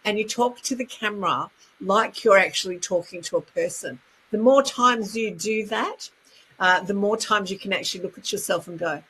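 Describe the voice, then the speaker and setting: A woman with an Australian accent, a speaking coach talking quickly and chattily as a guest in an interview. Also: medium pitch, a bit bright, a little hiss or hum, poor audio. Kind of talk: casual interview chat.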